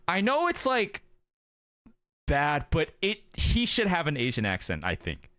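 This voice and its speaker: A young male streamer talks over a show he is watching, his pitch bouncing all over the place as he exclaims at the screen. He swears casually and freely. The sound is dry and close, with no room around it. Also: wildly swooping pitch, measured pace, sharp tone, no room sound. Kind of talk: casual watchalong reaction chat.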